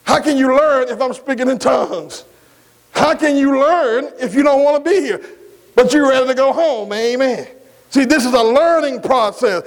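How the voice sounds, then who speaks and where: This sermon is delivered slowly and emphatically by a man with a very high voice, recorded with poor audio. He repeats key words, asks his congregation questions, and punctuates his lines with amens.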